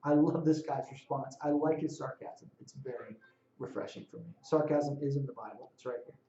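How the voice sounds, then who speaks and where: A man preaching a sermon, reading scripture aloud and explaining it in a relaxed, conversational way with dry humor. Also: medium pitch, brisk, creaky, slight background noise. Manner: conversational, reads scripture aloud and adds sarcastic paraphrase. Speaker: pastor. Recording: echoey room, dull lo-fi sound.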